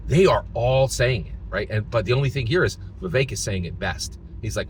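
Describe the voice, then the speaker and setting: A man from Philadelphia, in the United States, offers casual political commentary in a mid-range, expressive voice at a normal pace. His tone is fairly bright, and there's a slight hiss or hum. He speaks emphatically, restarts phrases, and tacks "right?" onto his lines.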